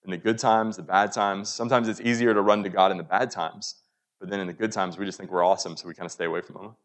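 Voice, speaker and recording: A man's voice: low voice, steady tone, quick pace. Earnest casual young male preacher. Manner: casual, earnest, frequent "right?" and "like" asides. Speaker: pastor. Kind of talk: conversational sermon.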